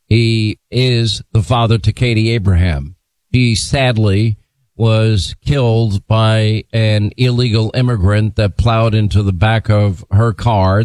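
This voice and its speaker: A man hosting a talk radio show, speaking forcefully and with indignation into a studio microphone. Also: fairly low pitch, unhurried, no room sound. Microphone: studio mic.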